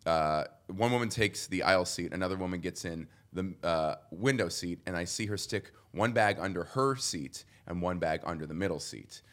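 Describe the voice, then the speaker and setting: A man's voice: sits low, moderate pace, hardly any pauses, a bit bright. A young adult man, a guest comedian, telling a story on a podcast and acting out the people in it.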